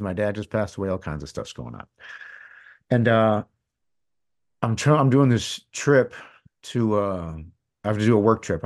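A middle-aged man telling a personal story as a podcast guest, candid and rambling, his voice dropping to a hush and rising again. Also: fairly low pitch. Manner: candid, rambling, swings between loud and hushed. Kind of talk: casual storytelling.

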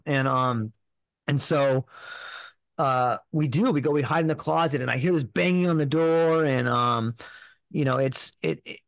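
A man's voice: fairly high pitch, dry recording. A man telling a personal story as a podcast guest, in an earnest, rambling way full of filler words.

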